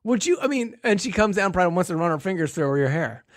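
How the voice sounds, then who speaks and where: A man's voice: high voice, sing-song, fast talker, no echo, clean studio sound. A man co-hosting a casual podcast, reading out a funny news story in a joking way and laughing often. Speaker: podcast co-host.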